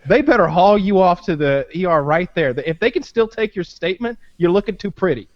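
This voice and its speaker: A man's voice: high voice, animated, fairly quick, no echo. A man hosting a podcast in casual chat, rambling and swearing with many fillers. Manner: rambling, profane, full of "like" fillers. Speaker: podcast host. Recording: dull dry lo-fi podcast audio.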